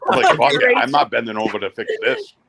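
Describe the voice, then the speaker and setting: A man's voice: medium pitch, fast talker, gravelly, a loud crowd. A man with a Rhode Island accent in a casual group chat, joking around and swearing freely. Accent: Rhode Island, New England.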